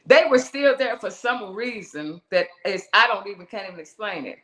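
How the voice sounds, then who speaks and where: A woman's voice: mid-range voice, moderate pace. A middle-aged woman, a guest musician, telling a personal story in an interview in a loose, conversational way, acting out the voices of the people in it. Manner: animated, acts out the voices in her story; loose, conversational, restarts and asides.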